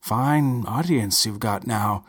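A man's voice: medium pitch, big pitch swings, normal speed, fairly bright tone, husky. A man voicing a weary companion who complains about the heat and the cruelty, in a spoken story. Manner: complaining, dry joking.

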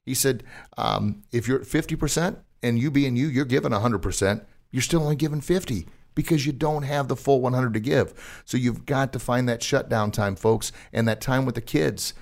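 A man's voice: mid-range voice, normal speed, vocal fry. A man hosting a motivational podcast, talking casually and upbeat, often turning to the listeners as folks. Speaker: podcast host.

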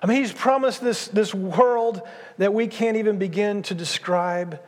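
A man in his sixties preaching a sermon, his voice riding high for a man and pressing hard on each point he repeats. The sound rolls out into a large church hall with a long, lingering reverb. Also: a little slow. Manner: emphatic preaching, repeats key phrases. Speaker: pastor.

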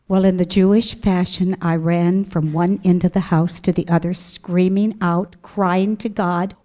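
A middle-aged woman from the American Midwest giving a personal religious testimony to an audience, animated and emphatic, acting out her own past words. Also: mid-range voice, a little slow.

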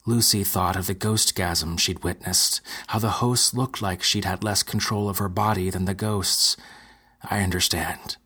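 Husky, deep male narrator, measured delivery, dark fiction audiobook. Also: steady tone. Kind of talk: scripted narration.

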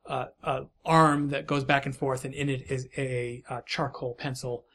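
A man's voice: medium pitch, little pitch movement, moderate pace, fairly bright tone. A man as game master, describing a scene in a rambling way with many restarts. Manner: rambling, many fillers and restarts, laughs often. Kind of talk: narrating a tabletop game.

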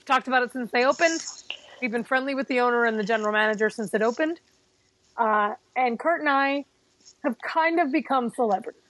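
A woman co-hosting a podcast in casual chat, telling anecdotes in an animated, playfully boastful way. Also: fairly high pitch, brisk. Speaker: podcast co-host.

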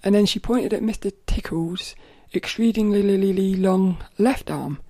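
A woman hosting a casual solo podcast, chatting playfully with many restarts and sometimes reading aloud from a children's book. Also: mid-range voice. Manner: chatty and playful, with frequent self-corrections; reads quoted passages louder and slower. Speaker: podcast host.

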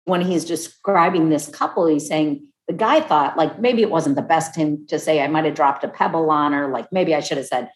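A woman in her fifties talking casually and warmly about marriage, acting out other people's voices as she tells stories. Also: deep voice, fairly quick, hardly any pauses. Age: 50s. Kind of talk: casual heartfelt conversation. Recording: echoey room.

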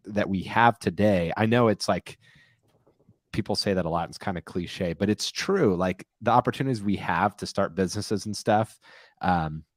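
Man, very low voice, upbeat co-host, dry close sound. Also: moderate pace, dry recording. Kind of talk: casual podcast discussion.

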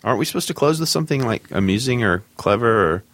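A man's voice: mid-range voice, expressive, fairly bright tone, no room sound. A man co-hosting a podcast, teasing and joking in casual chat. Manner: joking, quick to tease. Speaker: podcast co-host.

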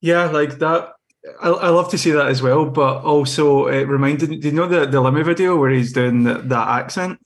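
A man's voice: on the high side, normal speed. A young man on a podcast panel, talking football in a casual, rambling way with frequent restarts.

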